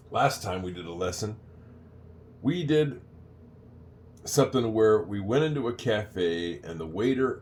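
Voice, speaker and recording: An older man talks through a basic English lesson in a somewhat low voice. He chats loosely, wanders off topic and repeats phrases slowly for learners to follow. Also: a little hiss or hum. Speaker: English teacher. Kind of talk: casual spoken lesson.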